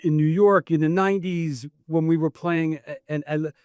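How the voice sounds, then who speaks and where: A man moderates a panel Q&A at a book event, his voice sitting a little high. He talks bluntly and loosely, and he swears often. The sound is dry and close. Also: fairly even intonation, moderate pace, a little mellow, clean tone, no echo. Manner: blunt, casual, swears freely. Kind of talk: live panel Q&A. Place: book event in a record store.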